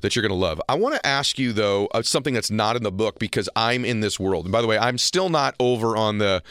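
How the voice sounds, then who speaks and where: Deep-voiced enthusiastic male host, dry sound. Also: fast talker, fairly bright tone, dry recording. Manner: enthusiastic, chatty storyteller who addresses listeners directly. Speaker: podcast host. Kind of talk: casual interview talk.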